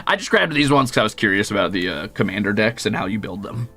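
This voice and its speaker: Lively, gravelly young man streaming. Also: fast, faint music behind. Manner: animated storyteller, jumps into high squeaky voices when quoting; swears casually, jokey. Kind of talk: casual chat while gaming.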